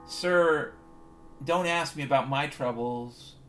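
A man's voice: a little high, music in the background. A man putting on a mournful taxi driver. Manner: slow, solemn, formal, addresses listener as sir. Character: weary male taxi driver from India.

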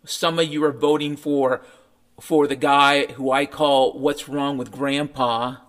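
A man's voice: medium pitch, little pitch movement, takes it slowly, a bit bright. A man ranting in a sardonic, profane monologue as a podcast host, mocking what others tell him. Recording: faint piano music behind.

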